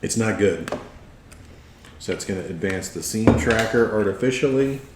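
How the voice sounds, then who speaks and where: A man's voice: lowish voice, animated, normal speed, slight background noise. A man narrating casually and playfully as the game master of a tabletop game. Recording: roomy echo, faint music.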